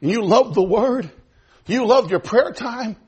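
A man preaching a sermon, swinging between loud fervent exhortation and hushed, low pleading. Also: unhurried, husky, muffled recording. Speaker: pastor.

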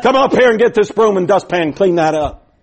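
A stern older neighbor lady barks orders from her porch, as a male preacher puts her on in his sermon. The voice sits high and swings with lively pitch. A husky edge stays under the call. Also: brisk. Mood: commanding.

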